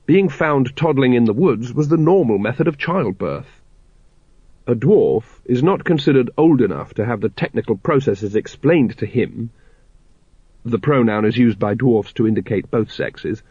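A man reads a comic fantasy audiobook with wry, measured delivery. The sound is dry and close, slightly dull like a lo-fi recording. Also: medium pitch, a little mellow, slightly rough, dry recording. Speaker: narrator. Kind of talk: audiobook narration.

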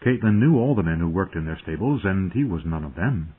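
Male audiobook narrator, low husky voice, measured and dramatic, phone-like audio. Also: expressive.

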